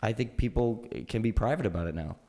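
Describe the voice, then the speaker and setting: A man's voice: fairly low pitch, fast talker, in a large hall. A man telling stories in a casual podcast chat, acting out the voices of the people in them. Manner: animated storyteller, acts out quoted voices. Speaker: podcast guest, local history storyteller.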